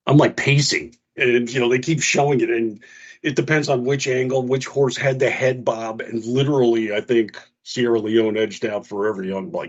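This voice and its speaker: A man's voice: on the low side, breathy edge, muffled recording. A man co-hosting a radio talk show, telling a story in casual chat and acting out what others said in a raised voice. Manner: animated storyteller, acts out quotes in a raised voice.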